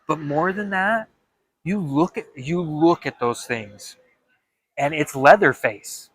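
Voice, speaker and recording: A young man talking in a casual vlog monologue, animated and dramatic, with frequent stammered restarts. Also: fairly high pitch, takes it slowly, husky, dry recording. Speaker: vlogger.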